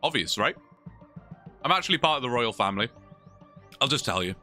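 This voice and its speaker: A man's voice: medium pitch, big pitch swings, brisk, sharp tone, soft background music. Chatty British man streaming live. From England. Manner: chatty, joking, many restarts. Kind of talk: casual live-stream chat.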